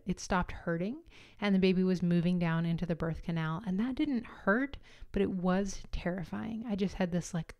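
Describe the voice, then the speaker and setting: A young woman shares a personal story in an open, conversational way, laughing now and then as she goes. Her voice sits a little low and sounds smooth and clear. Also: a little mellow. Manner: candid, chatty, laughs while telling. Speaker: podcast host.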